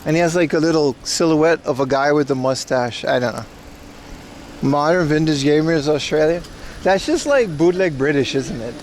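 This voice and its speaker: A man's voice: a little high, moderate pace, a little mellow, slight background noise. Joking, rambling man streaming outdoors. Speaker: IRL livestreamer. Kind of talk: casual live-stream chat with viewers.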